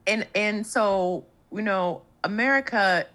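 A woman's voice: mid-range voice, takes it slowly, fairly bright tone. A woman with a New York accent, a comedian guest chatting casually and acting out other people's voices in her stories. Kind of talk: casual storytelling chat.

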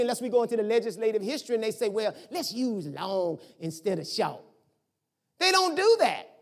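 A middle-aged pastor preaching a sermon in a conversational, animated way, firing off rhetorical questions at the congregation. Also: sits high.

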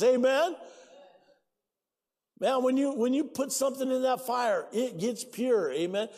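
A man preaching a sermon as pastor, excitable, breaking into shouts and laughter. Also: very high-pitched, measured pace, pauses often, long reverb tail. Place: church sanctuary.

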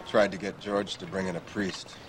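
A man's voice: deep voice, flat delivery, normal speed, close to an everyday voice. An actor playing a worried grown man who presses a friend about faith, in an urgent, clipped and earnest TV drama scene. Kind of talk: TV drama dialogue. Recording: TV clip with background noise.

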